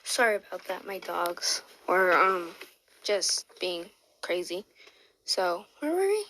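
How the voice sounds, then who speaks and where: Woman, casual fan story, rambling, lots of restarts, lower pitch, bright forceful voice. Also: very animated, slow, slight background noise, poor audio. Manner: rambling, restarts often, says "like".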